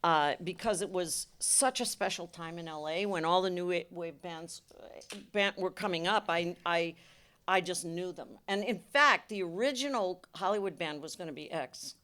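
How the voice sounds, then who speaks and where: Older woman director, stage panel Q&A, emphatic and animated. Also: on the low side, moderate pace. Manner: emphatic, animated storytelling with restarts. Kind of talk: panel Q&A answers. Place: cinema auditorium.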